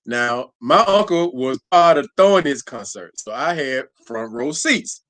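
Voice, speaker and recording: Joking man, lively pitch. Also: a little slow. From United States. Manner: joking, chiming in with wisecracks. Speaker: co-host. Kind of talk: casual chat.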